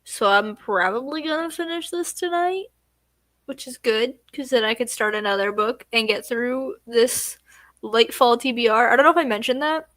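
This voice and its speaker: A woman's voice: a little high, moderate pace, a bit bright, no room sound. A tired young woman chatting casually on a late-night livestream at home, yawning and drowsy. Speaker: streamer.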